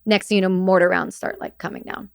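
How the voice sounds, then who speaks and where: A woman recounts her time in combat on a podcast, her voice smooth and clear at a middle pitch. She talks in halting bursts, breaks off to restart her sentences and swears bluntly. It sounds like a studio mic. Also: level tone, a little mellow. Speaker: podcast guest, military veteran. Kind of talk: recounting war memories in conversation.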